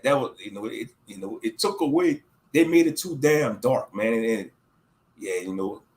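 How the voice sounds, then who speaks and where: Animated man ranting. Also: mid-range voice. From Louisiana, USA. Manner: slangy, heated, repetitive. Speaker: livestream host. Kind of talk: casual ranting commentary.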